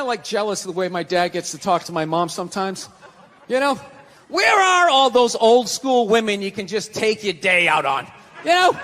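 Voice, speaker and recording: Middle-aged male stand-up; punchy sardonic rants, high and bright. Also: a little hiss or hum. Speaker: stand-up comedian. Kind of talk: stand-up comedy.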